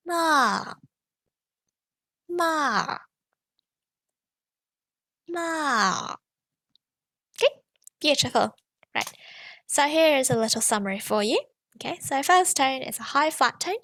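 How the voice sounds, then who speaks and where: A woman's voice: sits high, gravelly, a bit bright, dry recording. A woman teaching a pronunciation lesson, patiently demonstrating tones with sung syllables and checking in with frequent "okay"s. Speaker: language teacher.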